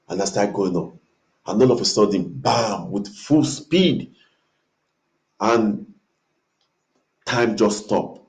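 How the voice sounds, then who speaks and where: A man with a somewhat low voice tells a dream as a dramatic story. He repeats key phrases for emphasis. He mimics the blast of trumpets with his own voice. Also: darkish tone.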